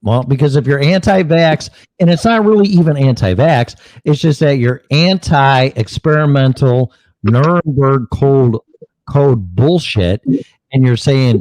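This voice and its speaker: A man's voice: mid-range voice, animated, measured pace, darkish tone, no room sound, poor audio. A man co-hosting an online talk show, ranting bluntly and mockingly with plenty of swearing. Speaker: co-host. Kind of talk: angry political rant.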